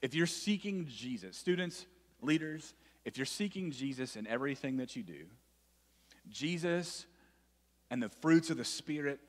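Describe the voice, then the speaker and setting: A man's voice: on the high side, expressive, normal speed. Man, youth pastor, casual sermon, repeats phrases, long hall reverb. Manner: conversational, repeats phrases, frequent "right?" asides. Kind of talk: sermon to students.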